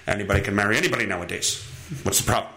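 A man's voice: on the low side, rapid-fire, pushed and bright, reverberant. A man hosting his own podcast, riffing in a crude, profane, rambling comic monologue. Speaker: podcast host. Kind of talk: casual comedic monologue.

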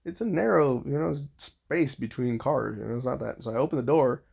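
A man's voice: mid-range voice, fairly quick, creaky, husky, muffled recording. A man telling a rambling personal story in a casual monologue, swearing freely and restarting his sentences.

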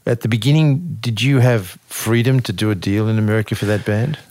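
A man's voice: on the low side, a little fast, darkish tone, no room sound. A man hosting a casual interview, giving brief prompts and reactions. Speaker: podcast host.

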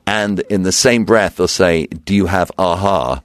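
A man with a very low voice tells career stories as a guest on a talk show, putting on the voices of the people he quotes. The sound is close and dry, with no room around it. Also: measured pace, no echo. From England. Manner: animated storyteller acting out quotes. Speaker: DJ and radio personality, guest. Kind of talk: casual storytelling interview.

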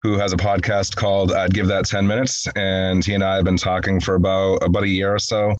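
A man with a Boston accent hosting a casual podcast chat, laid-back and quick to chuckle. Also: low-pitched, level tone, no echo. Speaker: podcast host.

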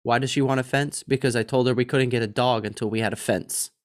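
A man's voice: medium pitch, steady tone, quick pace. A man in his thirties chats casually on a podcast, telling a family anecdote and chuckling along the way. His voice sits in an ordinary middle range. He talks loosely, with restarts and asides. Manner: chatty storyteller, laughs through his own anecdote. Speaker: podcast co-host. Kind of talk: casual chat.

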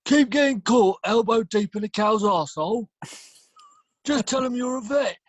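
A man voicing a cheeky con-man who gives life tips and pitches a business. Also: normal speed, no room sound. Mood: salesy. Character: cheeky male con-man Mike Reed giving tips.

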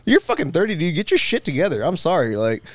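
Guy talking real fast on a podcast, cussing, dry close mic. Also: a little high, wildly swooping pitch, no echo. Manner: fast, profane, storytelling. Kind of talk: casual chat.

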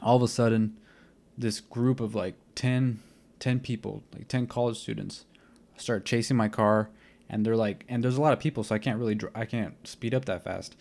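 Young male podcast host, lowish voice, casual rambling storyteller who quotes the people in his story. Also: steady tone, normal speed, creaky, darkish tone. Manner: rambling, filler-heavy, retells scenes with quoted dialogue.

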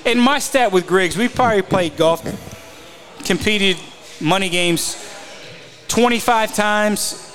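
Male podcast co-host with a high voice, a former mini tour golfer, tells rambling self-mocking stories. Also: takes it slowly, pauses often, a bit bright. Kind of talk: casual chat.

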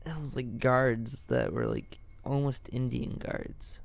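A young man, co-hosting a casual podcast and speaking haltingly with many fillers. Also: medium pitch, very animated, vocal fry, dry recording. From Illinois, USA. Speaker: podcast co-host.

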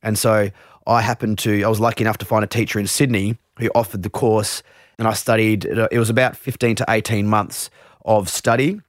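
Male meditation teacher, interview guest; lowish, easygoing, rambling explainer; dry close recording. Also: a little fast, dry recording. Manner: relaxed, explains with many restarts and asides.

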